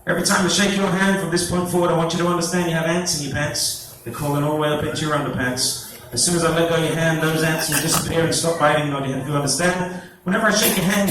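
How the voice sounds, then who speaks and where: A man working as a stage hypnotist at a fair, giving repetitive, coaxing commands to volunteers in a playful live-show patter. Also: a little high. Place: fair stage before an audience. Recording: echoey, distant, noisy crowd recording.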